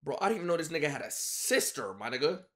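A man's voice: fairly high pitch, big pitch swings, quick pace. A man chatting casually on a stream, joking and teasing his friend in slang.

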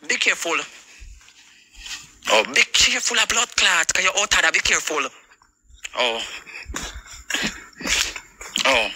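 A woman's voice: medium pitch, bright, forceful tone, poor audio. A Jamaican woman on a livestream, confronting someone in a heated, repetitive rant full of swearing.

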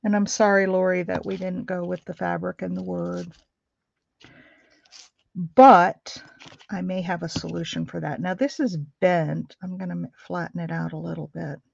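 A woman's voice: fairly low pitch, level tone, normal speed, gravelly, darkish tone, no room sound, dull audio. A middle-aged woman hosting a craft livestream, chatting with viewers in a chatty, rambling way and laughing easily. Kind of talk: casual chat with live viewers while crafting. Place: home craft room.

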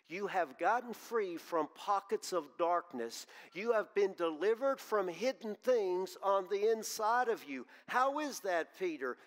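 A man preaching in a church, his voice sitting a little high for a man. He tells folksy stories and stumbles over repeated words when he gets going. A long church-hall reverb trails after each phrase. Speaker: pastor. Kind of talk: sermon. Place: church sanctuary.

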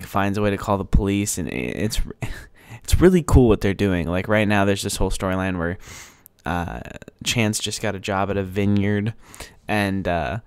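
A man's voice: fairly low pitch, smooth, dry recording. A young man hosting a podcast in casual chat, rambling enthusiastically with lots of fillers. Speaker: podcast host.

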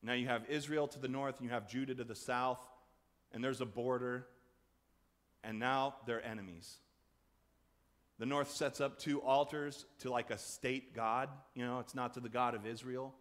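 A man preaching a sermon as pastor, conversational and animated, acting out voices in the story. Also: moderate pace. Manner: conversational, acts out quoted voices with big swings in pitch and loudness. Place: church sanctuary. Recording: long church reverb.

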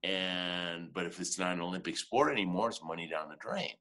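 Lower-voiced man telling a lively story. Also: fairly quick. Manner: lively, chuckles often, restarts sentences. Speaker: motivational speaker, interview guest. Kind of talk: animated storytelling in conversation.

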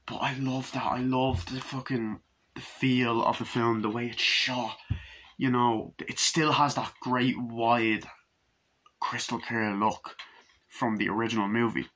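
A man's voice: mid-range voice, level tone, unhurried, a bit bright, slight background noise. A man with a mid-range voice talks loosely through a movie review. He acts out lines along the way and drops swear words without thinking about it. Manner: retells scenes by acting out lines, swears casually.

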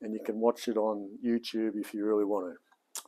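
The speaker, an Australian in his late forties, is a home mechanic who live streams and chats casually, rambling along with a lot of slang. He speaks at a fairly low, mellow pitch with flat delivery and a moderate pace.

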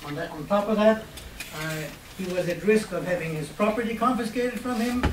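A man's voice: high voice, a little fast, reverberant, far from the mic, a little hiss or hum, low-quality recording. An older man, a Holocaust survivor, telling his life story to an audience in a wry, conversational way. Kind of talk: storytelling talk. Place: hall at a university.

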